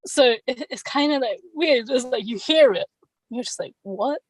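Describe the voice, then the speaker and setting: Woman, chatty guest, light higher voice, dry close sound. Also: normal speed, slightly rough, no room sound, low-quality recording. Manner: chatty, laughs often, many fillers. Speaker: podcast guest. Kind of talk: casual chat.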